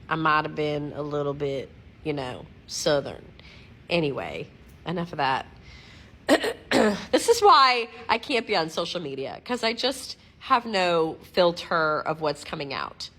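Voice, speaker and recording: A middle-aged woman at home giving a casual, rambling video update, giggling at herself, digressing often and clearing her throat. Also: sits low, fairly bright tone, slight background noise. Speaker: vlogger updating followers. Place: at home, lying against her dog.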